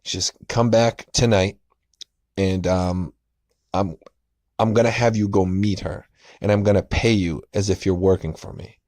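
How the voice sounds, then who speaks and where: A man voicing a middle-aged actress with a foreign accent, speaking in a soft, coaxing, slow way. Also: sits low, steady tone, dry recording, studio quality.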